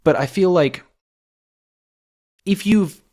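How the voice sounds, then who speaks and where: A man's voice: sits high, slow pace, a little mellow. A British man with a non-posh English accent hosting a podcast, chatting in a joking, self-deprecating way. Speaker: podcast host. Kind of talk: casual chat.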